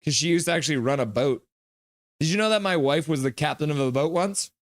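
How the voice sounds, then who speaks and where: A man hosting a live hockey watch-along stream, calling the plays casually, joking with chat and getting loud at goals. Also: on the high side, fast, no room sound, clean studio sound. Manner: excitable, jokey, shouts at goals. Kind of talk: casual play-by-play and chat reading.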